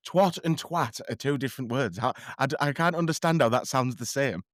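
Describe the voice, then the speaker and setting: A man's voice: mid-range voice, quick pace, a bit bright, no room sound, clean studio sound. A man talking as a podcast guest in a casual chat, rambling and self-deprecating, often tripping over his words.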